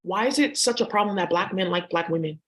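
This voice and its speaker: A woman's voice: lowish voice, fast talker. A woman vlogger talking in a rambling, profane monologue that jumps between topics.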